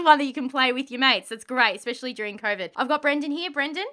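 A bubbly woman hosting a casual podcast interview, gushing freely and laughing often. Her voice sits a little high and rings bright and forceful. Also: fast talker. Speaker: podcast host.

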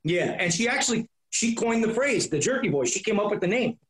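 A middle-aged comedian telling lively anecdotes in an interview, acting out the voices of the people in them and swearing freely. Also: male voice, high voice, brisk. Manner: profane, acts out voices in anecdotes. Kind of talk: animated storytelling. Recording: roomy echo.

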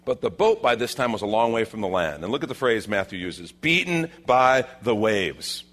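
Male pastor, sermon, animated, swings from excited to hushed. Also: lowish voice, quick pace. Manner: animated, acts out the disciples' lines; drops to a quiet, hushed tone for reflective moments.

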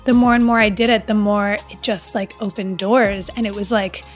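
A young adult actress with an unusual voice, chatting casually in an interview, rambling with lots of "like" fillers and restarts. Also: female voice, medium pitch, fairly even intonation, moderate pace, soft background music. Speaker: actress guest.

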